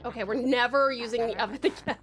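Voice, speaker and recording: A woman's voice: a little high, fairly even intonation, fast talker, music in the background. An Australian woman from Tasmania streaming a game, frantic, swearing a lot and laughing often. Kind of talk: casual gameplay commentary.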